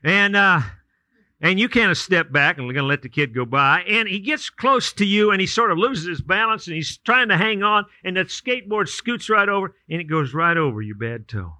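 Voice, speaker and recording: Folksy storytelling male pastor, bright voice. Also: sits high, animated, normal speed, no room sound. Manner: storytelling with hypotheticals, folksy and repetitive. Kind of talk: sermon.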